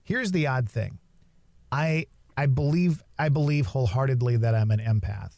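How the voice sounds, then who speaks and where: A man co-hosting a podcast, speaking in a reflective, measured way as he thinks aloud. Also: medium pitch, vocal fry, a little mellow, no room sound. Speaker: podcast co-host. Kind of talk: casual podcast chat.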